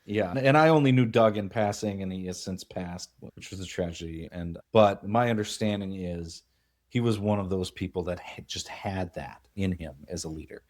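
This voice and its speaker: A man's voice: low voice, moderate pace, a little mellow. A man co-hosting a casual business podcast, musing and telling stories, often correcting himself as he goes. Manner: musing, storytelling, self-correcting. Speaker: podcast co-host.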